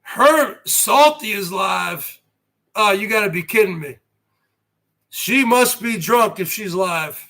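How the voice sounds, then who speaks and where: High-voiced man boasting on a live stream. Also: animated, slow, sharp tone. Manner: boastful wrestling-promo bravado, rhetorical questions. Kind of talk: rambling live-stream chat.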